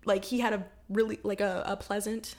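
A woman's voice: mid-range voice, level tone, brisk, a little mellow. A young American woman in casual podcast conversation, thoughtful and chatty, with frequent "like" fillers and easy laughter. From United States.

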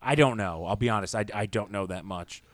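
A man co-hosting a casual sports podcast, talking in opinionated, rambling takes with quick asides. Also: fairly low pitch, no echo. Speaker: podcast co-host.

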